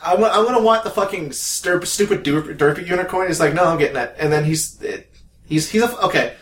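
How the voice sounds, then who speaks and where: A man co-hosting a podcast, swearing freely and telling stories with plenty of laughter. His voice sits a little high for a man. The room around him is echoey. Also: a little fast, a little hiss or hum. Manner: profane, laughs often, animated storytelling. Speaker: podcast co-host. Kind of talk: casual chat.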